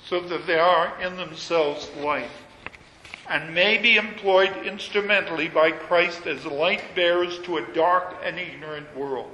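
A man delivers a sermon in a high, bright voice, reading old scripture wording and swelling into emphatic peaks. His words carry into a roomy hall with a long trailing reverb. Faint room ambience sits underneath. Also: fairly even intonation, unhurried, slight background noise. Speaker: preacher.

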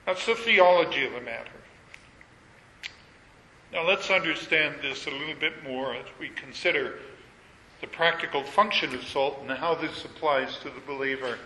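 A man preaching a sermon, measured and emphatic, leaning on repetition. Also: on the high side, sharp tone, a little hiss or hum. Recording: echoey hall with long reverb.

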